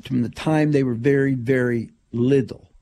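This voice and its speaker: A man's voice: mid-range voice, steady tone, normal speed, warm tone. An older man co-hosting a radio show, chatting casually, reflective and drily humorous. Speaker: radio co-host.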